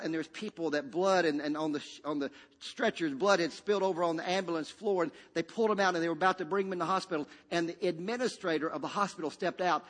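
A man delivers a dynamic sermon, his voice pitched high and ringing bright. He surges to shouts, then drops to hushed tones, and has the congregation repeat his words. The long reverb of a large hall trails after each phrase. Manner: dynamic preacher with sudden shouts and hushed drops, call-and-response. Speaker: pastor.

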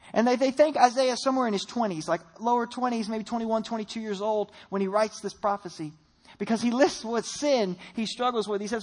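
A man's voice: sits high, steady tone, fast talker. A man, a pastor with a young child, preaching a sermon and telling a family story, voice rising on emphatic lines.

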